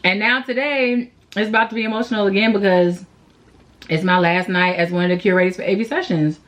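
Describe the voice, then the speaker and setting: Laughing and sighing often, a young woman talks her way briskly through a makeup tutorial for her beauty vlog, slangy, playful and poking fun at herself as she rambles. Her voice is mid-range, with a steady tone.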